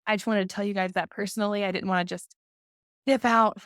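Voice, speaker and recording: A young woman co-hosting a podcast, talking casually with lots of fillers and quick laughs. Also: mid-range voice, fairly even intonation, fairly bright tone, no room sound, studio quality. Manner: chatty, filler-heavy, laughs often. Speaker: podcast co-host. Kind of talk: casual chat.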